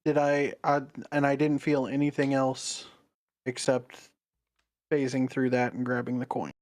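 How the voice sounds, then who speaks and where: A man's voice: mid-range voice, completely flat delivery, unhurried, darkish tone. A man playing in a tabletop game, talking in a hesitant, questioning way. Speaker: player. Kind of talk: casual tabletop play.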